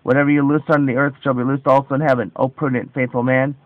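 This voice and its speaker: A man reading scripture aloud with commentary, slow and solemn, stressing quoted dialogue. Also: medium pitch, little pitch movement, dry recording, phone-quality sound.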